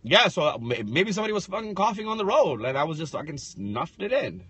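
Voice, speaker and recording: A man co-hosting a casual chat, telling slangy stories full of swearing. His voice is a little husky and on the high side, and it rises and falls a lot as he quotes people. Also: sing-song, quick pace, a bit bright, no echo. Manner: slangy, profane storytelling, quotes others. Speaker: podcast co-host.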